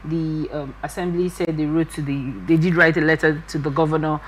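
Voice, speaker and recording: A woman's voice: deep voice, fairly even intonation, a little fast, slight background noise, rough recording. A woman hosting a TV interview, asking probing questions and giving short acknowledgements. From Nigeria.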